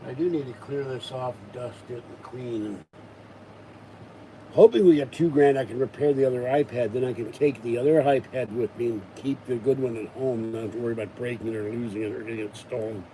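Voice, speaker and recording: A man's voice: mid-range voice, a little fast, background noise. A man vlogging at home, chatting casually in a rambling way with wry asides. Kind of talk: casual chat.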